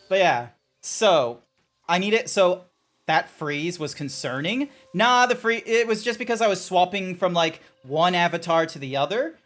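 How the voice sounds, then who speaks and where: A man's voice: high-pitched, animated, a little slow, a bit bright. A man streaming live, chatting casually in a rambling, joking way and trailing off mid-sentence. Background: faint background music.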